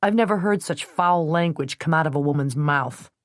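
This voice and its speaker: Brief: hot-tempered thirtysomething man, voiced by a female narrator, blunt, forceful, dry close read. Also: low-pitched, moderate pace, no echo, natural voice. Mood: calm, wry. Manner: blunt, forceful, sometimes scornful. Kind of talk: audiobook character reading.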